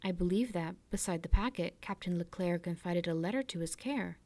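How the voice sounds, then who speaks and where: A woman's voice: fairly low pitch, a little fast, darkish tone. A woman reading aloud, voicing a sly, jealous male ship's clerk with an insinuating manner.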